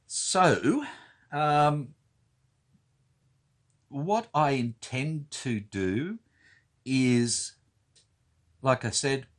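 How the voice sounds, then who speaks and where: A man talking through his turn in a board wargame, thinking aloud and counting units with many fillers. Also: mid-range voice. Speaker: wargame player. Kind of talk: casual talk-through of a board game turn.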